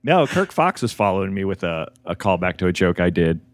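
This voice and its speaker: Brief: relaxed male comedian, lowish voice, dry close sound. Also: brisk, no echo. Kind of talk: casual chat. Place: hotel room.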